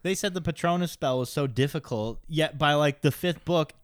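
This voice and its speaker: A man's voice: fairly high pitch, moderate pace, clear, resonant tone, dry recording, clean studio sound. A man hosting a casual podcast, ranting and grumbling about what bugs him. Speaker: podcast host. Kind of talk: casual chat.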